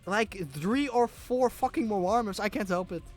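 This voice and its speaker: A man's voice: sits high, moderate pace, soft background music. A young man from Germany, casually commentating an esports final on a livestream, joking and swearing as he goes. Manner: excitable, joking, swears freely. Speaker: esports caster.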